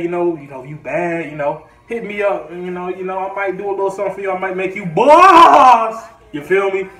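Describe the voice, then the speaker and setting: A man's voice: high-pitched, pushed and bright. A man telling a crude, slangy story-time tale to his vlog audience with a swaggering manner. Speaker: vlogger. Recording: roomy, from a distance, faint music.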